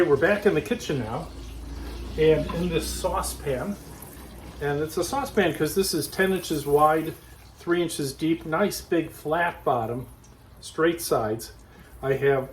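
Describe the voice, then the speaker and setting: A man hosting a casual cooking demonstration, explaining each step in a relaxed, chatty way from his home kitchen. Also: fairly high pitch, a little hiss or hum, low-quality recording. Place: backyard garden, then home kitchen.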